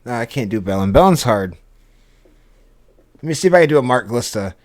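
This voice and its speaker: A man's voice: mid-range voice, lively intonation, brisk. A man co-hosting a podcast, joking and teasing the others in casual chat. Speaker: podcast co-host.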